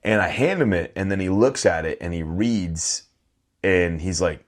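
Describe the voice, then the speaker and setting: A man's voice: sits low, normal speed. A man co-hosting a podcast, telling funny stories in casual chat, acting out quotes and laughing often. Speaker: podcast co-host.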